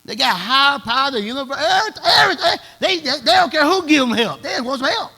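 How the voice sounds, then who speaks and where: High, bright-voiced preaching pastor. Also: male voice, sing-song, quick pace, creaky. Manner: preaching in a dialect, swelling to shouts. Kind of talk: sermon.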